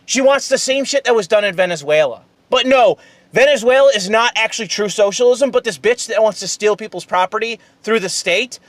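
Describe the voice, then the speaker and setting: Male host, high-pitched, dry close sound; furious profane rant to camera. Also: a bit bright, no room sound. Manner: angry, heavily profane, emphatic. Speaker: political commentary video host. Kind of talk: ranting monologue to camera.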